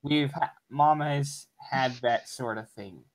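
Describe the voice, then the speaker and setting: A man's voice: medium pitch, slow. A man in casual live chat, speaking hesitantly and cutting in with questions.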